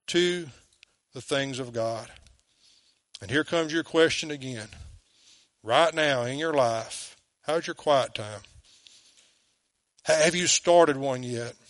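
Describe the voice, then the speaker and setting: An earnest man preaching a sermon in a fairly high voice. He asks his listeners direct questions and slows right down when he quotes scripture. The sound is dry and close. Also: a bit bright, dry recording. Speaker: pastor.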